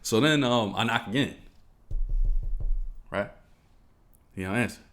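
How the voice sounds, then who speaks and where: A man's voice: mid-range voice, measured pace, fairly bright tone. A young man co-hosting a podcast, telling a profane story in casual chat and acting out the quotes. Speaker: podcast co-host.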